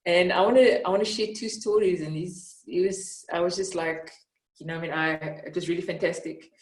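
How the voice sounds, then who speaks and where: A South African woman telling stories in an earnest, reflective way, with frequent fillers and lively bursts when retelling. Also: fairly low pitch, normal speed. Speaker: interviewee, mentor. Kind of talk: reflective storytelling in conversation. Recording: roomy, from some distance off the mic.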